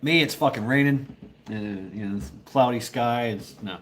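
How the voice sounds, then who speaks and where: A man's voice: medium pitch, normal speed, fairly bright tone, slight background noise. A man telling a rambling, profane story in casual chat with his viewers, often laughing. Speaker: livestreamer chatting with viewers.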